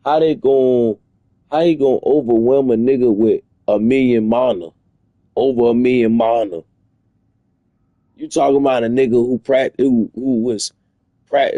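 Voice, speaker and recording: Gravelly-voiced man ranting in disbelief. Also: mid-range voice, mellow, no echo, muffled recording. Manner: incredulous, profane, rambling rants. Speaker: streamer. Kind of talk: casual reaction commentary.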